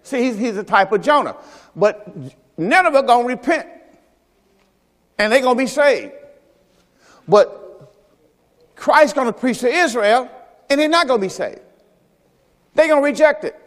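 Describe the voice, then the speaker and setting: Animated preacher man in a reverberant church. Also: very high-pitched, a little slow, pauses often. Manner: animated storytelling, acting out Bible characters, shouting peaks. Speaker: pastor. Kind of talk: sermon. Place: church service.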